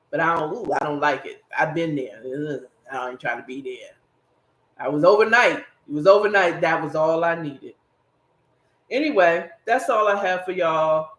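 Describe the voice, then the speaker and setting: This podcast host's voice leans high with a fairly bright tone. Speaking straight to his viewers in a loose solo commentary, he rambles and stresses his points emphatically, all captured in a room with noticeable echo.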